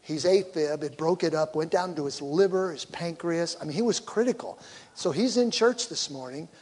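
A man's voice: on the high side, moderate pace, a little mellow, slightly rough. A man, a pastor, giving a conversational sermon in church and acting out quoted voices. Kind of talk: sermon on communication. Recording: long reverb of a hall.

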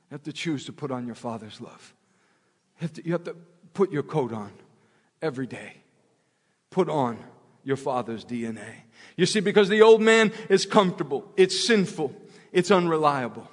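A man preaching a sermon with passion, repeating his phrases and swinging from loud to hushed. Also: a little high, very animated, normal speed. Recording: long hall reverb.

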